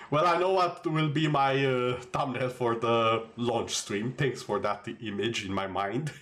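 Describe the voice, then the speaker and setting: Man, game streamer, casual commentary, chatty and joking, average pitch. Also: slow. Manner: relaxed, rambling, jokey asides to chat.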